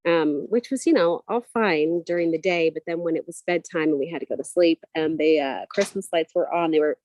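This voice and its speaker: A woman's voice: sits low, darkish tone, dry recording. A woman in her thirties co-hosting a casual livestream, chatting and telling family stories. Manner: chatty storytelling, quick asides. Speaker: co-host.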